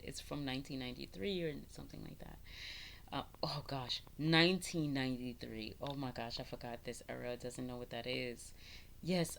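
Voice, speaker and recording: A woman in her thirties giving a casual spiritual vlog monologue, animated and preachy, firing rhetorical questions and laughing often. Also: low-pitched, creaky, slight background noise. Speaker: spiritual vlogger.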